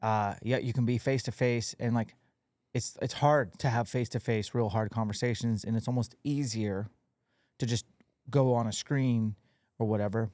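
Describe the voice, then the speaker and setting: A man's voice: medium pitch, steady tone, normal speed, a little mellow, no room sound, studio quality. Easygoing man in his forties hosting. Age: 40s. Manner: easygoing, candid, joking. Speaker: podcast host. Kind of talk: casual podcast chat.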